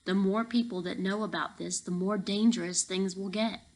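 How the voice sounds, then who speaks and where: A woman reading an audiobook, voicing a huge gruff male security guard who talks in a hushed, urgent way. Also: medium pitch, steady tone, moderate pace, lightly acted, rough recording.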